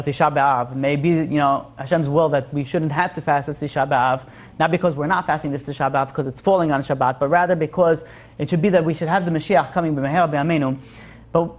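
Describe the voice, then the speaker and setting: Earnest rabbi man, fairly high voice. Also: darkish tone. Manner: earnest, repeats phrases for emphasis. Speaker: rabbi teaching a class. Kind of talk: informal classroom lesson.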